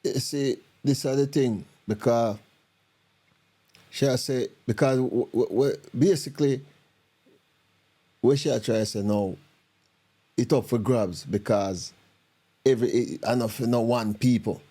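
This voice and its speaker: Man, Jamaican accent, mellow dark voice, casual reaction commentary, repetitive patois. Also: mid-range voice, measured pace, pauses often. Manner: animated, repetitive, patois-heavy talk with restarts. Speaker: reaction video host.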